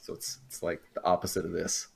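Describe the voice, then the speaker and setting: A man playing a tabletop game, excitable and stammering, often laughing as he talks. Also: low-pitched, brisk, creaky, slightly rough. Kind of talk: casual tabletop play.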